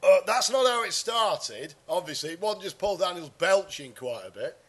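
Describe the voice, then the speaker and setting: A man's voice: high-pitched, animated, moderate pace, fairly bright tone. A man hosting a casual comedy podcast, rambling and crude, with lots of fillers.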